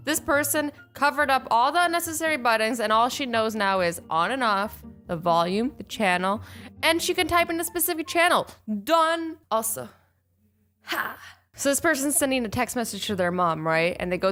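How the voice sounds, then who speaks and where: Bright-voiced young woman reacting playfully. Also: on the high side, faint music behind. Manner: expressive, playful, quick voices for quoted people. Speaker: YouTube reaction host. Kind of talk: casual reaction commentary.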